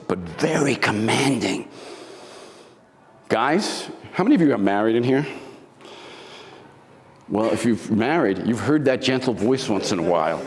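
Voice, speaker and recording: A middle-aged man giving a motivational talk to a live audience, telling a dramatic story and acting out the lines he quotes. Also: medium pitch. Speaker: motivational speaker. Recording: long hall reverb.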